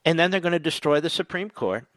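A man's voice: fairly high pitch, animated, fast talker, no room sound. A man hosting a talk radio show, delivering a combative, sarcastic political monologue that rambles from point to point.

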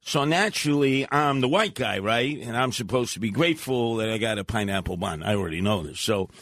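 An older man, co-hosting a talk radio show and telling loud, blustery stories in which he acts out his own shouting. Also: medium pitch, lively intonation, brisk, no echo. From Brooklyn, New York. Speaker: radio co-host. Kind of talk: animated storytelling.

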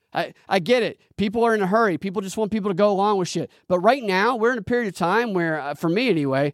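A man's voice: on the high side, lively intonation, quick pace, hardly any pauses, dry recording, clean studio sound. A man hosting a live political podcast, ranting in a heated, profane, rambling way with restarts and laughs. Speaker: podcast host. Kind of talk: live-streamed political commentary rant.

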